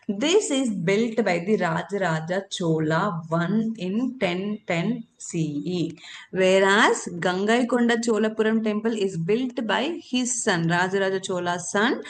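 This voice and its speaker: A woman's voice: mid-range voice, slight background noise. A woman teaching a current affairs lesson for exam candidates, repeating key terms and answering her own questions.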